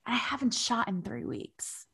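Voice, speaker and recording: A woman's voice: fairly high pitch, sing-song, a little slow, vocal fry, a bit bright, husky. A young adult woman hosting her own podcast, talking in a playful, rambling, self-mocking way. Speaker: podcast host. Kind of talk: casual solo podcast monologue.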